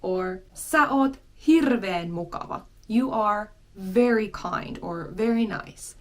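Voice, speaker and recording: A young adult woman teaching a language lesson, slowly repeating each word several times for learners. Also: medium pitch, animated. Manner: slow, repeats words many times for learners. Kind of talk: relaxed spoken language lesson.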